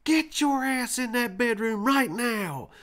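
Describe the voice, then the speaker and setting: A woman's voice: on the high side, lively intonation, slow pace, pitched above the performer's own voice. A man voicing a small, frail grandmother who scolds sharply. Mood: angry scolding.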